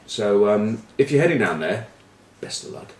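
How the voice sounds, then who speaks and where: This former rugby player turned pundit has a lowish, slightly mellow voice with lively intonation at a normal speed. He spins loose, rambling stories full of ums and uhs and dry banter. A distant mic gives a roomy sound with slight background noise.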